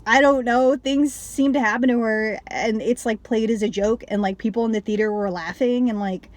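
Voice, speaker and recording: A woman's voice: steady tone, moderate pace. A woman casually talking through a film review, rambling and filling her speech with "like", sighing and dropping her voice when something bothers her. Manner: rambling, heavy use of "like", trails off and restarts; emotionally invested, sighs and drops low when upset.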